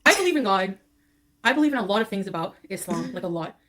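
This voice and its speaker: A woman's voice: medium pitch, sing-song, fast talker, fairly bright tone. A woman on a livestream, talking in a scattered, confessional, rambling way.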